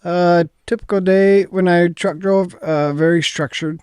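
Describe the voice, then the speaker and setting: A man's voice: high voice, fairly even intonation, unhurried, darkish tone, smooth, dry recording. A middle-aged man with a Midwestern American accent, a company founder talking modestly and hesitantly in an interview. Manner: modest, hesitant, many ums. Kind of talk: casual interview talk.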